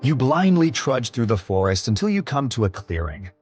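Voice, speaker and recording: A man narrating a text adventure game in a measured, storybook manner. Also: medium pitch, very animated. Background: background music.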